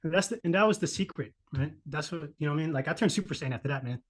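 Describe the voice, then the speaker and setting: Racing along in a slightly rough, a little high voice, a man in his thirties tells a personal story on a laid-back podcast. He curses, stays animated, and acts out the voices of the people involved.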